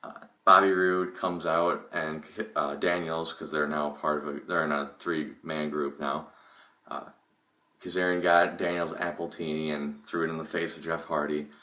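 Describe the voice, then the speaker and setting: Young guy with a super low voice going on about a show, lots of ums and restarts, sounds a bit far off the mic. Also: flat delivery, moderate pace, bright, forceful tone. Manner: rambling, opinionated, frequent fillers and restarts. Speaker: wrestling reviewer. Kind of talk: casual spoken review. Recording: echoey room, voice from off the mic.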